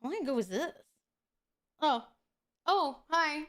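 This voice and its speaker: A woman's voice: high-pitched, lively intonation, measured pace, fairly bright tone. A woman streaming a video game, chatting casually with her viewers, playful and teasing, swearing often. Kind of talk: casual gameplay stream chat. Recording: game music behind.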